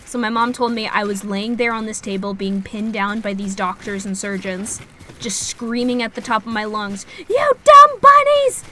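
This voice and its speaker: Bright-voiced woman streamer, rambling and swearing. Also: medium pitch, steady tone, moderate pace, slight background noise. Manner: rambling, swears freely, laughs at herself. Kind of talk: casual storytelling while gaming.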